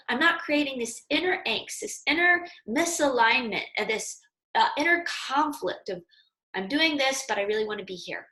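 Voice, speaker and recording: A woman's voice: sits high, bright, forceful tone, reverberant, low-quality recording. A woman yoga teacher giving a casual, earnest and encouraging spoken lesson with conversational fillers.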